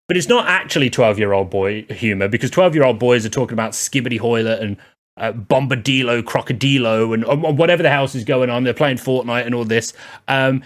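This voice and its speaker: A man giving a sarcastic, rambling spoken film review, full of exasperated asides. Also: mid-range voice.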